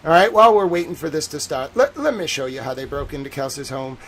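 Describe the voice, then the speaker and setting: Excitable rambling male livestream host. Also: a little high, quick pace. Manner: excitable, rambling, repeats phrases. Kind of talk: livestream commentary.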